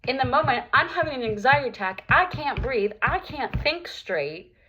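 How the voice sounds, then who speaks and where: A woman's voice: sits high, sing-song, moderate pace, sharp tone, highs cut off. A young adult woman talking candidly and earnestly to her viewers in a personal vlog, with plenty of casual fillers. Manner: earnest, open, lots of "like" fillers. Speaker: vlogger.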